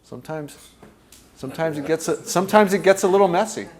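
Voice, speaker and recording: A man's voice: fairly high pitch, fast, darkish tone. A man teaching a workshop group in a conversational way. He often checks in with "okay?" and acts out inner voices while he explains.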